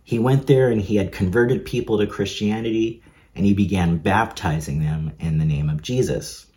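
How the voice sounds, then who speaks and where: A man's voice: lowish voice, moderate pace, a little mellow. A man who is a preacher and seminarian, giving a casual online sermon from an upstairs bedroom at home, chatty with small chuckles and hesitant fillers.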